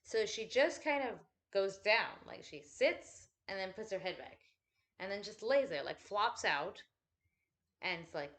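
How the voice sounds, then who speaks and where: A woman's voice: mid-range voice, expressive, measured pace, a bit bright. A woman chatting casually at home while folding laundry, rambling and swearing freely with self-deprecating asides.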